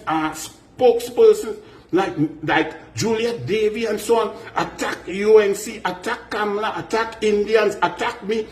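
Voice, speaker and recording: Combative Trinidadian man, high voice. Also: a little mellow, reverberant. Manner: combative, addresses his target directly with repeated rhetorical questions. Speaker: political commentator. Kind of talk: direct-to-camera political rant.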